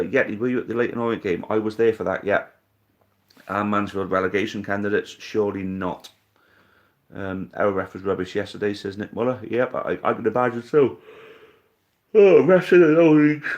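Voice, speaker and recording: A man in his thirties hosting a live stream, casually reading out viewer comments and answering in a blunt, jokey, sweary way. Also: on the low side. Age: 30s. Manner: laid-back, blunt and jokey, swears freely.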